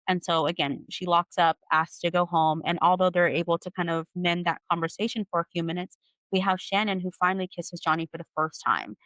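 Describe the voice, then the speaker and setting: A woman's voice: fairly low pitch, fairly even intonation, fairly quick, fairly bright tone, no echo, rough recording. A woman hosting a podcast, recapping a novel in an analytical way with many "like" and "you know" fillers. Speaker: podcast host. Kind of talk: book recap discussion.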